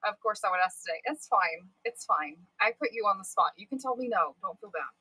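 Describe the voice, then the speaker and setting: Young woman rambling on her selling livestream, bright voice, super dry close sound, swears a lot. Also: mid-range voice, expressive, fast talker, breathy edge, dry recording, low-quality recording. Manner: chatty, candid, swears, wanders off topic. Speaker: livestream seller. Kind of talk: casual livestream chat.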